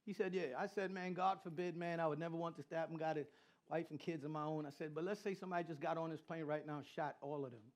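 A middle-aged man preaching a sermon as pastor, animated, repeating phrases and joking with the congregation. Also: fairly high pitch, fast. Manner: animated preaching with repetition and crowd banter. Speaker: pastor and Christian rapper.

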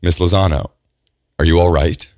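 A man's voice: low-pitched, steady tone, moderate pace, a little mellow, no echo, studio quality, pitched above the performer's own voice, natural voice. A man voicing a wounded young woman who speaks through pain with a wry, strained edge.

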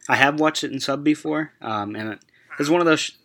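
A man's voice: a little high, brisk, pushed and bright. Easygoing male podcast host. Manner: agreeable, steers the episode rundown. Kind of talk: casual chat.

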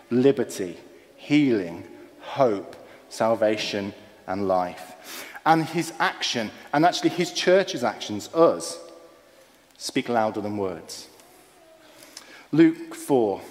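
A man preaching a sermon, earnest and emphatic, dropping low and soft on key phrases. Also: long reverb tail.

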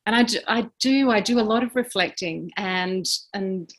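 A woman, a podcast guest answering in an earnest, heartfelt way with halting restarts. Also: medium pitch. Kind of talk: reflective interview answers.

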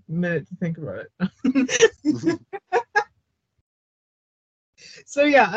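Slow-talking, giggly Canadian woman. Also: lowish voice, no echo, lo-fi sound. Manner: giggly, hesitant, many fillers. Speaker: podcast co-host. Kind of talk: casual chat.

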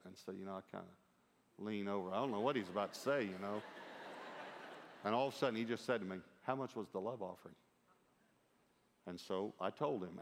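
A middle-aged man preaching a sermon, telling a lively story with quoted dialogue and humor. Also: fairly low pitch. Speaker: pastor. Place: large church auditorium. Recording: long hall reverb.

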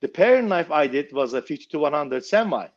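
A knife maker telling a story casually, blunt and swearing freely. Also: male voice, a little high, lively intonation, a little fast, dull audio.

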